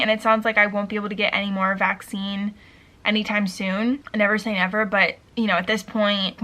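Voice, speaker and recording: At home by a window, a woman in her thirties vlogs casually, out of breath and rambling with plenty of "like" fillers. Her medium-pitched voice sounds pushed and bright.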